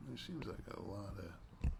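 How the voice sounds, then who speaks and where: A man's voice: low voice, very animated, a little slow, vocal fry, heavy background noise. A male voice actor chatting casually while signing autographs and talking to himself as he works.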